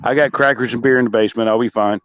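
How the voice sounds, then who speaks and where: A man's voice: mid-range voice, steady tone, rapid-fire, dry recording, dull audio. A laid-back man calling in to a casual talk show, drawling as he chats. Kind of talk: casual chat.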